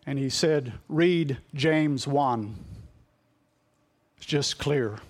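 A middle-aged man preaching a sermon in an earnest, confessional way, often repeating himself as he reaches for the right words. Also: high voice.

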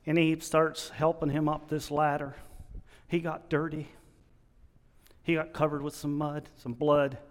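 A man preaching a sermon in an earnest, halting way, restarting his sentences often. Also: on the high side, little pitch movement, long reverb tail.

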